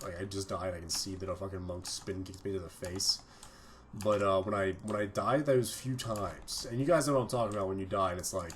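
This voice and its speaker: Talking fairly quickly in a low voice, a young man gives rambling, profanity-heavy commentary over his gameplay video. There's slight background noise.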